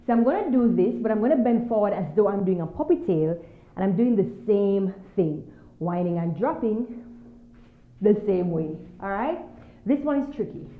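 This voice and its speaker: A woman's voice: medium pitch, animated, moderate pace. A woman teaching a dance move, coaching and counting beats as she dances, a little out of breath. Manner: upbeat, coaching, counts beats while dancing; slightly out of breath from dancing. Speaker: dance instructor. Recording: tinny, phone-like sound in an echoey room.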